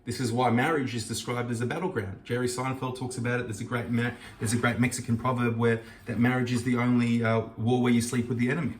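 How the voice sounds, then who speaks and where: In a kitchen with an echoey sound and a distant mic, plus a little hiss or hum, a host talks fast with few pauses in a level, mid-range voice. His earnest Torah lesson reflects on a scripture passage, reading the Hebrew verses and explaining them.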